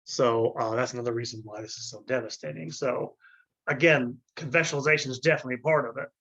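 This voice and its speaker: Male lecturer, mid-pitched, halting delivery with restarts, throat clearing, dull lo-fi sound. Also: a bit bright. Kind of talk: unscripted history lecture.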